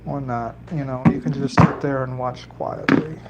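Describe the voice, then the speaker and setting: Working with his hands on fishing lures, this man rambles and cracks jokes to viewers on his solo livestream, putting on a slight Italian lilt. His mid-range voice holds a steady tone at normal speed. The recording is very noisy, with the highs cut off.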